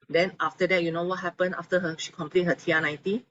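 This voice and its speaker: A woman tells her story to an audience. Her voice sits low, and the talk is animated as she acts out the quotes. The recording is slightly dull, with faint noise behind. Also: fast. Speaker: speaker giving a testimonial.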